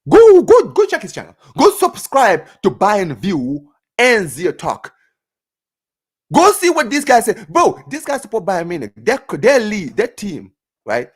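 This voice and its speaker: Animated, sarcastic streamer man ranting. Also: high voice, slightly rough. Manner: animated, ranting and sarcastic, repeats words and says "bro". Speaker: football reaction streamer. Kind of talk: live fan reaction chat.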